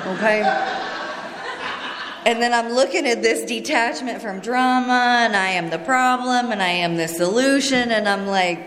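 A woman's voice: mid-range voice, moderate pace, fairly bright tone, a little hiss or hum. A woman giving a personal testimony to a group in a meeting room. She speaks in a conversational, earnest way and often asks the room questions. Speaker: speaker sharing at a recovery meeting. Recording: echoey hall reverb.

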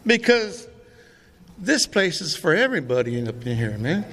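Talking a little fast in a high-pitched, animated voice that sounds pushed and bright, a middle-aged man shares his testimony at a recovery meeting. He is raw, profane, and streetwise. Faint room noise and reverb from the meeting hall are audible.

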